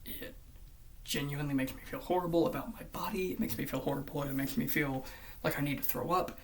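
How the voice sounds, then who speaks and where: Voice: medium pitch, a little fast, slight background noise. Ranting vlogger, swears often. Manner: angry, swears often, swings between loud outbursts and hushed near-whispers. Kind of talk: ranting commentary vlog.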